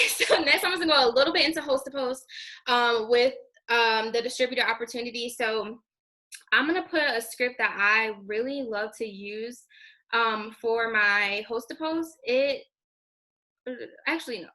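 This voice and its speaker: Young woman trainer hyping up her team, super chatty, bright voice, kinda high. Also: moderate pace. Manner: high-energy, chatty, says "girl" and "you guys" a lot. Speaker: network marketing team trainer. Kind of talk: casual training talk.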